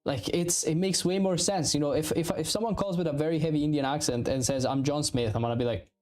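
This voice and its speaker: A man in his thirties from Italy with an Italian accent, chatting casually and profanely while streaming game development, rambling and animated. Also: a little high, quick pace. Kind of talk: casual livestream chat.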